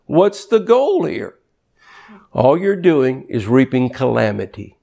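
A man preaching a sermon in an animated, conversational way, reading scripture quickly and jumping sharply in pitch for emphasis. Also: vocal fry. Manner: reads scripture aloud quickly.

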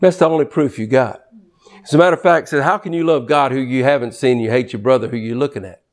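In an animated, conversational sermon, a male preacher rushes through scripture readings, his pitch leaping sharply to stress key points.

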